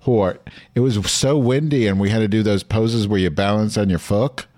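This comedy host speaks in a lowish voice at an ordinary pace, chatting casually. He tells crude, meandering stories with deadpan flatness and lots of filler words.

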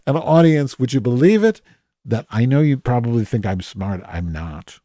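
An animated man with a warm, mid-range, natural-sounding voice talks at a moderate pace. He's a podcast host doing Madge, a cranky office worker with a foul mouth, in an improvised comedic rant that rambles, swears, runs himself down and keeps restarting. Studio-quality audio, dry.

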